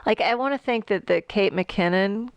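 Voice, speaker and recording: A woman's voice: mid-range voice, moderate pace, clean tone, no echo. A woman co-hosting a casual podcast, playful and sarcastic. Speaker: podcast co-host. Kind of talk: casual chat.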